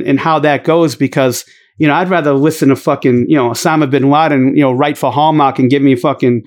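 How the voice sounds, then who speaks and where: Middle-aged guy ex-coach going off, cussing a ton, slightly high voice, lots of "you know". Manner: blunt, heavy swearing, many fillers and restarts. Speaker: podcast host and former basketball coach. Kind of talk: profane casual rant.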